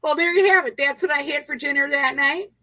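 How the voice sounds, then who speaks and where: A woman's voice: sits high, fairly quick, bright, forceful tone, no echo, poor audio. A woman hosting a casual livestream chat, playful and laughing often. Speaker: livestream host.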